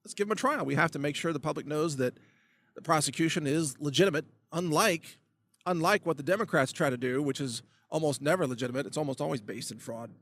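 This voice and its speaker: A man's voice: a little high, quick pace, fairly bright tone. Sarcastic man ranting on his vlog. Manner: sarcastic, emphatic, mocking. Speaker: host of a political video blog. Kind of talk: ranting political commentary.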